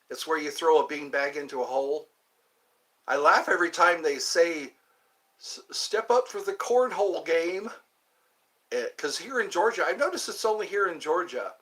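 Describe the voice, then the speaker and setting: Man, livestream host, slightly high voice, rambling, halting, casual chat with viewers. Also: bright, forceful tone. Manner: rambling, answers chat comments, halting with fillers.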